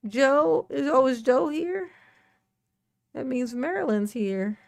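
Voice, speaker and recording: A woman's voice: sits high, slow, gravelly, darkish tone. A woman hosting a casual livestream, playfully greeting chat viewers by name and breaking into bits of song. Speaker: livestream host.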